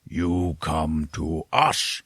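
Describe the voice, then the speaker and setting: A man putting on a cold, slow undertaker villain. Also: lively intonation, fairly bright tone, dry recording, clean studio sound, full character voice. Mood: menacing. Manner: slow, low, drawn-out menace. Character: tall menacing male undertaker, cold and slow.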